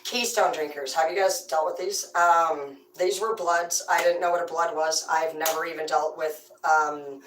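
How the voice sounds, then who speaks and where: A woman's voice: low voice, normal speed, few pauses, recorded from a distance, slight background noise. Foul-mouthed rambling woman storyteller. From rural farm upbringing. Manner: profane, rambling, animated. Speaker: streamer telling stories. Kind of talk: casual comedic storytelling. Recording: roomy, away from the mic.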